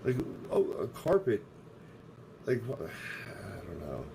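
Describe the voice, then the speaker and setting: A man's voice: fairly low pitch, huge pitch swings, takes it slowly, vocal fry, noisy background. A man streaming live, ranting in a profane, abrasive way. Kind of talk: casual livestream rant.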